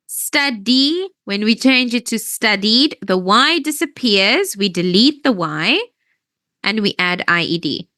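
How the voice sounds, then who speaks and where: A woman's voice: medium pitch, sharp tone, no room sound. A woman teaching English grammar in an online lesson, explaining patiently step by step and often checking that students follow.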